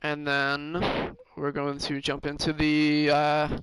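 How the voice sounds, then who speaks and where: A man's voice: fairly high pitch, level tone, slow pace, hardly any pauses, very noisy. A man streaming a hockey management game, thinking aloud in casual commentary with many fillers and restarts. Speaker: gaming streamer.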